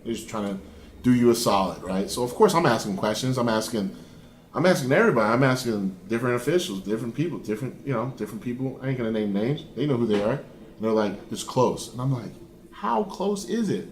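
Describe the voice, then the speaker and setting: A man being interviewed as a competitive bodybuilder, telling his story in a lively, profane way and acting out what he said back then. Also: mid-range voice, fast talker, a little hiss or hum. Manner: lively and profane, acts out his own past lines. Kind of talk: animated storytelling in conversation. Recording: roomy echo.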